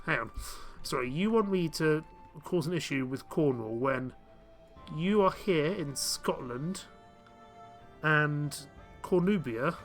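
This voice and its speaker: A man's voice: a little high, fairly bright tone. A man streaming a game live, chatting casually and thinking aloud with self-mocking asides. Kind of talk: casual live gameplay commentary.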